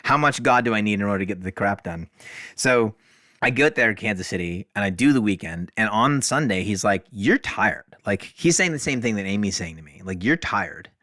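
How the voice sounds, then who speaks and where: A man, a podcast guest, telling stories in a casual, animated way, often saying "like" and acting out dialogue. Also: fairly low pitch, fairly quick, no room sound, studio quality. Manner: animated, fills speech with "like", acts out dialogue. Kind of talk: casual storytelling.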